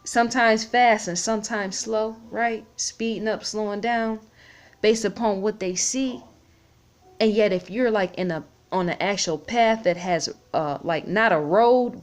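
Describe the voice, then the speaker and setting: A woman talking off the cuff in a vlog, rambling and repeating herself, holding back tears. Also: medium pitch. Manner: rambling, repeats words, pauses to type on phone. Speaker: vlogger. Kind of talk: casual unscripted talk to camera.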